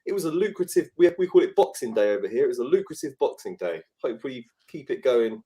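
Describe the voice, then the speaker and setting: A man on a sports betting show, relaxed as he recaps his winning bets. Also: mid-range voice, fast. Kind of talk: casual chat on a betting show.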